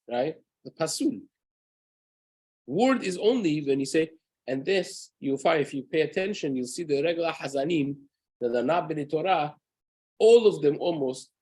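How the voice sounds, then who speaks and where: Husky-voiced rabbi teaching. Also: male voice, on the high side, a little mellow. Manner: earnest, rhetorical "right?" asides, sprinkled with Hebrew terms. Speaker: rabbi teaching a daily halacha class. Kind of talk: spoken Torah lesson.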